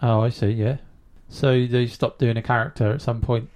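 A man hosting a casual podcast chat with children, asking gentle questions with many ums and uhs. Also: medium pitch, fairly even intonation, normal speed. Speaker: host.

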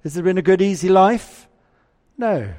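A man's voice: sits high, animated, normal speed, warm tone. A man preaching a conversational sermon and often putting questions to the congregation. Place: church. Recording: church hall reverb.

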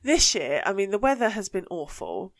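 A young woman hosting a podcast, telling an animated story in casual chat, swearing freely and laughing as she goes. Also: medium pitch, moderate pace, dry recording, studio quality. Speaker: podcast host.

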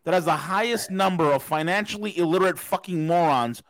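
A man's voice: high-pitched, a little fast, a bit bright. A man co-hosting a casual podcast, cutting in bluntly with profane agreement. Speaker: podcast co-host.

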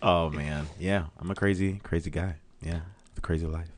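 A man with a Jamaican accent, a podcast guest chatting in a jokey, animated way. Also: low voice, moderate pace. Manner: animated, jokey, full of impressions. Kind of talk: casual chat.

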